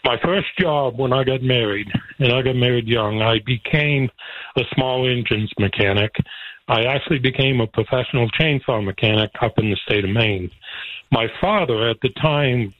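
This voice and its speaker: A man's voice: medium pitch, normal speed, no room sound. A man telling a folksy story with frequent chuckles, emotional as he speaks. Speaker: guest. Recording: tinny phone line.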